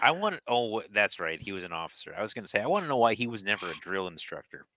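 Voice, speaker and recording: Man, lowish voice with a bright edge, dry joking banter, dull dry mic. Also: sing-song, quick pace, no echo. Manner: laid-back, dry, profane banter. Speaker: co-host and army veteran. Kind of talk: casual chat.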